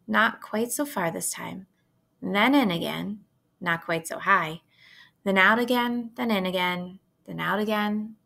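A woman reading a children's novel aloud in a steady, gentle storytelling manner. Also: lowish voice, vocal fry.

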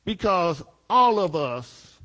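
Emphatic preacher man, high voice. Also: big pitch swings, slow pace. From Southern United States. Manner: emphatic, repeats phrases, rises to shouts. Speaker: pastor teaching a Bible class. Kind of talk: preaching Bible study lesson.

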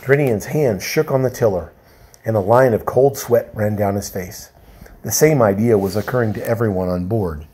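Warm, husky male storyteller. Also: lowish voice, normal speed. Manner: calm, steady narration. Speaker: volunteer reader. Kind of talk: storybook reading aloud.

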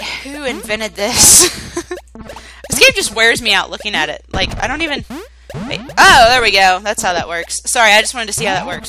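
A young woman hosting let's-play commentary, excitable and swearing at the game as she plays. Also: on the high side, normal speed, rough recording. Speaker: gaming channel host. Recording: game music loud behind. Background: game music.

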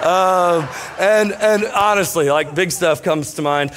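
A man's voice: sits high, slow pace, a bit bright. A young man preaching a casual, joke-filled sermon to a church congregation, telling stories with lots of fillers. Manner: jokey, self-deprecating, lots of fillers. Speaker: pastor. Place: church stage before a congregation.

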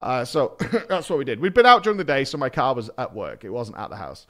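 Talking fast and very animatedly, this British streamer rambles through a story during gameplay, cursing a lot and poking fun at himself. His mid-range voice has a slightly bright quality.

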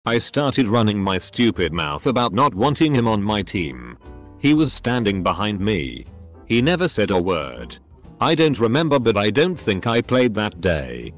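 Low-voiced man narrating. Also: big pitch swings, moderate pace, soft background music. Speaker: narrator reading posts. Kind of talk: scripted narration.

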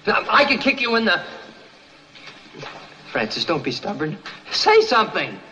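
A man's voice: high-pitched, huge pitch swings, unhurried, background noise, full character voice. An actor playing a flustered, earnest young man who stammers and repeats his words nervously, in a 1950s film comedy.

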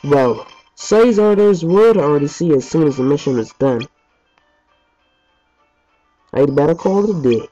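He has a fairly high-pitched, mellow voice and sounds animated, yet talks a little slowly and pauses often. As a let's play host in his home basement, he rambles chattily through gameplay with mild swearing, captured in muffled lo-fi audio over game music.

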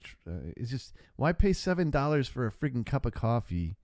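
A man's voice: mid-range voice, big pitch swings, brisk, darkish tone, dry recording, clean studio sound. A man hosting a casual call-in livestream, laid-back and swearing freely, often tossing in "man.". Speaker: call-in show host.

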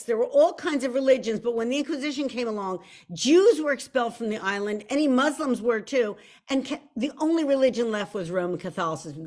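A woman's voice: on the high side, darkish tone. A woman hosting a live online show, chatting casually and with self-deprecating humor, often restarting her sentences. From United States. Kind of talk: casual live-stream talk.

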